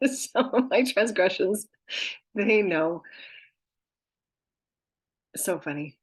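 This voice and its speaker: A woman's voice: mid-range voice, expressive, extremely slow, husky. A woman talking casually as a spiritual channeler, gushing about her guides and breaking into laughter again and again. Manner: giggly, keeps breaking into laughter; affectionate, gushing. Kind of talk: casual chat, relaying messages from spirit guides.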